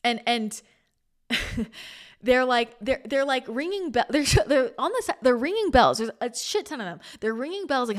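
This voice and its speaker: A woman hosting a spiritual podcast, chatting casually in a rambling, animated way, full of restarts, laughter and casual swearing. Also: high voice, moderate pace. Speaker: spiritual channeler and podcast host.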